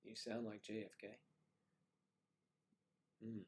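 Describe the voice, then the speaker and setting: A man hosting a livestream, chatting casually with viewers and joking, with quiet, half-whispered asides. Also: lowish voice, level tone, moderate pace, pauses often. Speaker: livestream host. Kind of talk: casual chat reading viewer comments.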